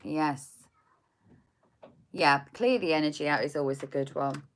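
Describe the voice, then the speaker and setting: A woman giving a spiritual tarot reading, soft and meandering, often repeating words as she searches for them. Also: sits low, a little slow. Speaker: tarot reader.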